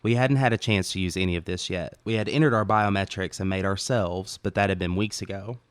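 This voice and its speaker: A man reading his own short story aloud as first-person audiobook narration, calm and even. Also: deep voice, a little fast, clear, resonant tone, no room sound.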